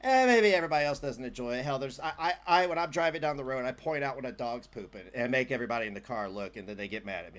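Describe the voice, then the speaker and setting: A man's voice: mid-range voice, racing, few pauses. A man hosting a casual livestream, joking and chatting loosely with his viewers. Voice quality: animated, jokey, trails off into asides. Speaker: livestream host.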